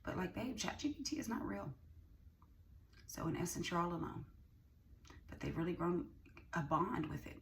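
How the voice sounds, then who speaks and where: A woman's voice: lowish voice, animated, normal speed, pauses often. A woman giving a casual tarot reading, who is emphatic, repeats lines and swears freely. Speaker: tarot reader. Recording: distant mic with ambient noise.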